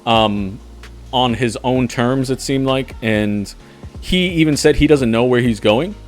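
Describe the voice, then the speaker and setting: A man's voice: mid-range voice, a little slow, faint music behind. A man co-hosting a podcast in laid-back casual chat, swearing casually and hedging often. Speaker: podcast co-host.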